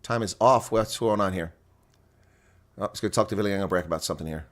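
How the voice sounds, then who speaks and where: A man doing live reaction play-by-play of a rugby match, leaping up in excitement at big plays. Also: low voice, brisk.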